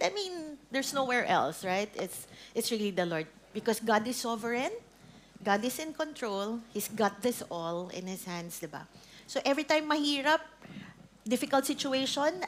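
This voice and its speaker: A woman's voice: fairly high pitch, a little hiss or hum. A middle-aged woman with a Filipino accent giving a conversational talk to a women's ministry group, switching between Tagalog and English and often checking in with the audience. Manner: chatty, mixes Tagalog and English, keeps asking the audience. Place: church training session before an audience.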